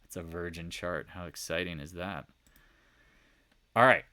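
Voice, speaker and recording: Man, low voice, casual chart talk, animated, jokey, cursing, dry mic. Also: unhurried, no room sound. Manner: animated, profane, joking asides. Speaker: stock market commentator. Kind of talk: casual market recap over charts.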